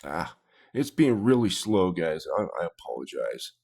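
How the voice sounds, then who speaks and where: A man with a lowish voice talks in a loose, casual way as he hosts a reaction video. He drops quick asides and small apologies between comments, and he sounds relaxed and unscripted. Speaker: reaction channel host.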